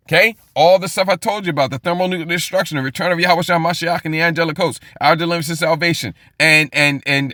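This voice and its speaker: A man's voice: fairly high pitch, bright, forceful tone, no room sound, clean studio sound. A man teaching the Bible in an informal, rambling way, repeating words and checking in with "okay?" often. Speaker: preacher.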